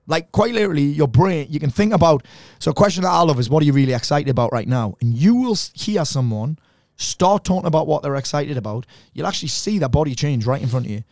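A man's voice: a little high, quick pace, no echo, studio quality. A man, a mindset coach chatting casually on a podcast, swearing freely and acting out quotes as he tells stories. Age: 40s. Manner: swearing, animated storytelling with quoted voices.

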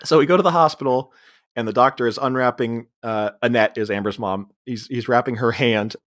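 A man's voice: mid-range voice, fairly bright tone. A man co-hosting a podcast, casually recapping a comedy film's plot and mimicking characters' lines. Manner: recounts plot, acting out lines in quick voices. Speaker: podcast co-host. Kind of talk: casual movie recap chat.

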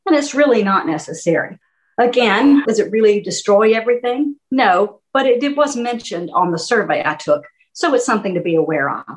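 In a workshop talk on speaking skills, a woman with a fairly high voice speaks a little quickly and conversationally, livening things up by acting out small examples. The recording quality is low.

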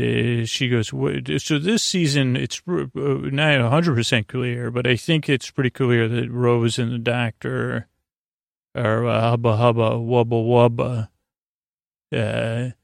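Man, podcast host, monotone sleepy recap, gravelly, halting, dry close sound. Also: dry recording. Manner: halting, full of uhs and let's-sees; monotone, low-key delivery. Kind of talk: rambling bedtime episode recap.

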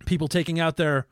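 A man's voice: on the high side, pushed and bright, dry recording, studio quality. A young man co-hosting a casual podcast, blunt and opinionated with a self-mocking streak. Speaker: band member and podcast co-host. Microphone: studio microphone.

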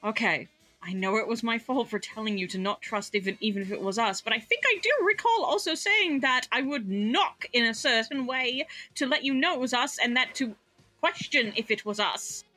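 A woman's voice: a little high, animated, moderate pace, pushed and bright, soft background music. A woman voicing a weary, exasperated male adventurer in a tabletop game, speaking in a pleading, exasperated manner.

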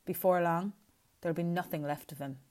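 A woman reading a story as scripted narration, in a measured, even way. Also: on the low side. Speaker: audiobook reader.

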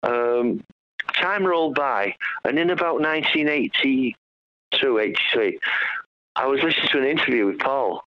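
A man's voice: mid-range voice, lively intonation, moderate pace, no echo, highs cut off. A male musician guest telling rambling, joking stories in a casual radio chat. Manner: rambling, joking, with many restarts.

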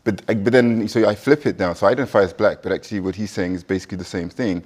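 A man's voice: on the low side, fast, darkish tone. A man, a dinner guest, talking through his view in a casual discussion, often restarting and repeating words as he builds his point.

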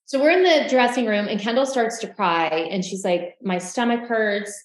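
A woman co-hosting a casual recap podcast, telling stories in a lively way and acting out what others said. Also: on the high side, brisk, echoey room, slight background noise, low-quality recording. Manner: animated storytelling, acting out quotes. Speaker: podcast co-host.

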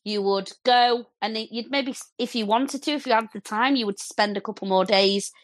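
A woman's voice: on the high side, normal speed, no room sound. A woman hosting a podcast in casual chat, chatty and asking follow-up questions. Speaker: podcast host.

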